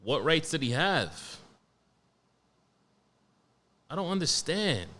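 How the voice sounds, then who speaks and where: A young man hosting a solo podcast, talking in a blunt, profane, joking way and reading news out loud. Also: a little high, big pitch swings, normal speed. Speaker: podcast host. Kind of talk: casual solo podcast monologue.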